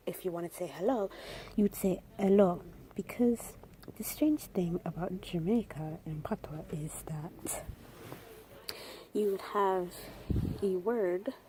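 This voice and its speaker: A young woman giving a homemade spoken lesson, slowly repeating words and often dropping into a whisper. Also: on the low side, mellow, poor audio. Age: teenager. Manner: slow, drawn-out demonstration with frequent whispered repeats. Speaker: student teaching a language.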